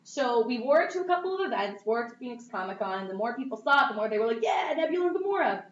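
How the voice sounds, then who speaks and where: A young woman telling a story in a bubbly, animated way, full of "like"s. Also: on the high side, rapid-fire. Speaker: cosplayer guest. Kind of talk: casual storytelling. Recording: echoey, dull, distant mic with faint noise.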